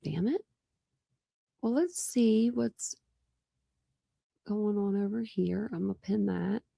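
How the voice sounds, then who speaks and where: A woman's voice: mid-range voice, takes it slowly, vocal fry, warm tone, dry recording, clean studio sound. A woman hosting a true crime channel, chatting casually and rambling to her live chat.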